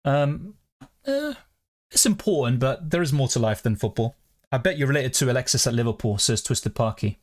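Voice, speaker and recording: A man talks casually on a home live stream. He chats loosely and swears freely while reading out viewer comments. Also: mid-range voice. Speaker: fantasy football streamer.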